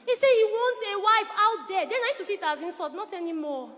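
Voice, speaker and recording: A middle-aged woman pastor preaching a sermon, telling lively stories and acting out her husband's words. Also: extremely high pitch, fast, hardly any pauses. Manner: animated storytelling, quotes her husband. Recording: long reverberant hall.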